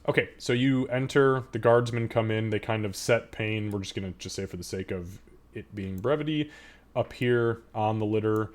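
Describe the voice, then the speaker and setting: A man narrating as game master of a tabletop game, with a fairly low voice. He talks casually and quickly through the scene.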